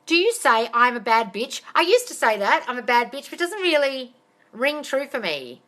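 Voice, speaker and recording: A woman's voice: sits high, very animated, moderate pace, sharp tone. Blunt, sweary woman coaching a live stream. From not American. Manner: calls listeners darling. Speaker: manifestation coach.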